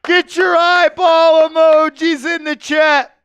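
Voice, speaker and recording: A man hosting a fan live stream, calling plays and giving chat shout-outs, bursting into shouts and sing-song calls on big shots. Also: very high-pitched, takes it slowly, dry recording, highs cut off. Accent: New York. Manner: shouts and sings-along on made baskets, then calmer commentary.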